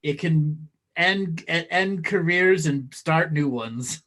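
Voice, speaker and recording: A man's voice: on the high side, slow pace, fairly bright tone, low-quality recording. A man in a casual chat, dropping wry quips.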